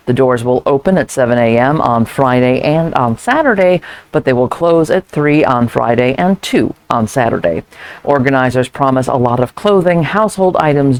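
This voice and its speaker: Casting: Southern woman, local news reader, steady and clear, dry close sound. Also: a bass voice, no echo. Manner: clear, even announcer delivery. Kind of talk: scripted community news reading.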